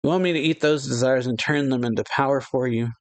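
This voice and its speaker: A man's voice: medium pitch, fast. A man hosting a manga reaction, reading the dialogue aloud in a casual way and laughing often between lines.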